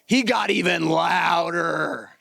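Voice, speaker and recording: A pastor preaching a lively sermon to his congregation, reading scripture aloud and acting out the story. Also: fairly high pitch, slow, vocal fry, no echo. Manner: animated, energetic preaching to a congregation. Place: church service.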